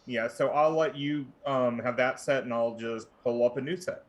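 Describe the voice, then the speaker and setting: A man, a player in a tabletop game, describing his character in relaxed, rambling sentences with fillers. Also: mid-range voice, normal speed, muffled recording.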